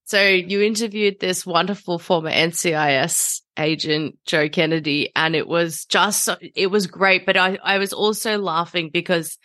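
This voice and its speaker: A woman's voice: on the low side, fairly even intonation, normal speed, few pauses, pushed and bright, dry recording. Gushing podcast host woman, dry close sound. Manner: gushing, enthusiastic, frequent laughter. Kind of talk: casual interview chat.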